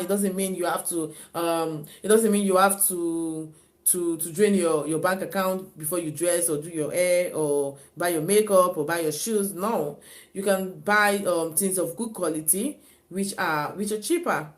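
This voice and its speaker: A woman chatting casually on her own live stream, repeating herself and often laughing and sighing. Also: lowish voice. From Africa.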